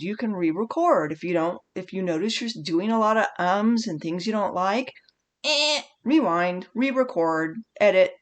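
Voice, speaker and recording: A woman speech instructor giving a recorded online lecture, animated and conversational, often correcting herself mid-sentence. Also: medium pitch.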